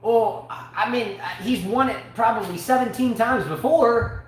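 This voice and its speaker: A man co-hosting a live online sports talk show, ranting in an animated way with comic outbursts. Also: very high-pitched, unhurried. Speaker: show co-host. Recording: very echoey room, faint hiss.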